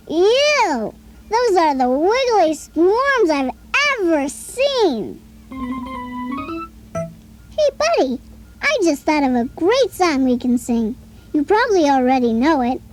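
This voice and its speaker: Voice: very high voice, darkish tone, full character voice. An actor voicing a cheerful boy talking toy who chats with a child on a scripted play-along tape, chirpy and coaxing and always asking the listener questions.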